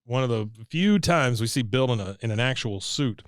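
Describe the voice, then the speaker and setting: A man's voice: mid-range voice, lively intonation, normal speed, no echo, studio quality. Podcast man recapping a cartoon episode. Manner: retells scenes, briefly mimicking characters. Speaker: podcast co-host. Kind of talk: casual recap chat.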